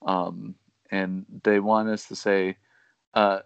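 A man's voice: low voice, flat delivery, slow, gravelly, clean tone, no room sound, dull audio. A man co-hosting a podcast, joking and playfully insistent in casual chat. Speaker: podcast co-host.

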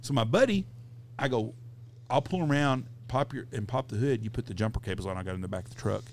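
A middle-aged man hosting a podcast, telling a crude anecdote in a casual, profane, animated way. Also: mid-range voice, fast talker, slight background noise. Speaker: podcast host. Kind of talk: casual storytelling.

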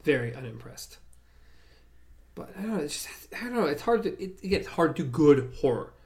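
A man's voice: fairly high pitch, sing-song, normal speed, darkish tone. A man in casual conversation, hesitant and wry in delivery. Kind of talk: casual chat.

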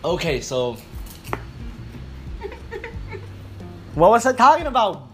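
A man's voice: very high-pitched, huge pitch swings, drawn-out words, a bit bright, soft background music. A young man hosting crude casual chat, laughing often and rambling, losing his train of thought. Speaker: host. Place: home room.

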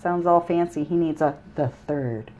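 A woman co-hosting a casual true-crime podcast, telling stories in a joking, animated way and swearing freely. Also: deep voice, moderate pace. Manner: profane, joking, animated storytelling. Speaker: podcast co-host.

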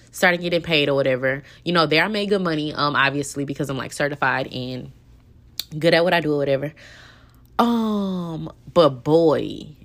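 Young woman podcaster, deep low voice, chatty and indignant, lots of likes and ums. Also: fairly bright tone. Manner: candid, indignant, chatty with frequent fillers. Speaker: podcast host. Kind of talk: casual storytelling monologue.

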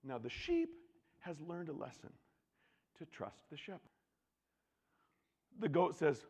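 Man, preacher, sermon, lively pitch, husky, loud-to-soft swings. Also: slow, pauses often, long reverb tail, muffled recording. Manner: animated, swings from loud to hushed.

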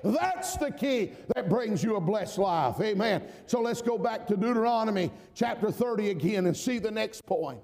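A middle-aged man from the US South with a Southern drawl, preaching a sermon, emphatic, often calling out amen and swinging between shouts and quiet asides. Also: very high voice, in a large hall. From Georgia, US South.

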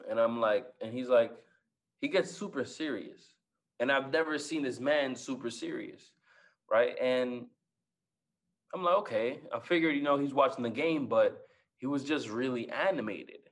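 A man's voice: medium pitch, moderate pace. A man in his twenties, a guest speaker telling motivational stories with lots of energy. He repeats his phrases and keeps asking the audience "right?". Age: 20s. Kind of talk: motivational storytelling.

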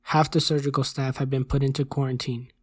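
Casting: host narrating a scripted horror story, even and measured. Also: mid-range voice.

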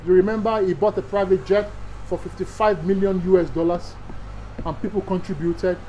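A man's voice: sits high, steady tone, normal speed, warm tone, dull audio, slight background noise. A man from Nigeria with a Nigerian accent, a pastor giving an emphatic teaching sermon to other pastors, repeating key phrases and asking rhetorical questions.

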